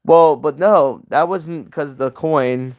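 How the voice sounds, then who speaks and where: A man's voice: a little high, slow, highs cut off. A young man hosting a casual livestream Q&A, rambling and answering chat messages as he goes. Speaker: livestream host.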